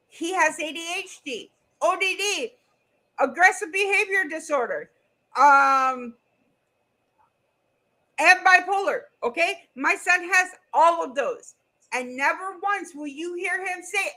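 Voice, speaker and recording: Bright-voiced blunt middle-aged woman. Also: high voice, expressive, unhurried, poor audio. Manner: blunt, goofy, swears freely. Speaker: streamer and co-host. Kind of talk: casual livestream chat.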